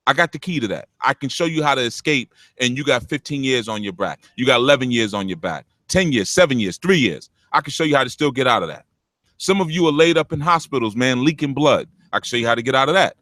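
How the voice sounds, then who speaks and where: A man with a deep, punchy voice, preaching blunt spiritual talk to callers on his show, animated and swearing freely. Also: no room sound. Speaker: spiritual teacher hosting a call-in show.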